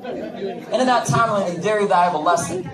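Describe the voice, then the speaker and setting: A man with a high voice does a brash stand-up set and ribs the audience. He sounds a little distant from the mic in a roomy club. The crowd is loud and laughs behind him. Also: brisk. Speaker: stand-up comedian. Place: comedy club stage.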